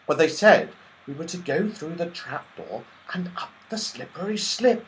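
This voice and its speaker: Male reader voicing a level-headed young boy, quiet and confiding. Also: expressive, moderate pace, slight background noise, close to an everyday voice, rough recording. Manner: low, confiding. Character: sensible young boy Joe.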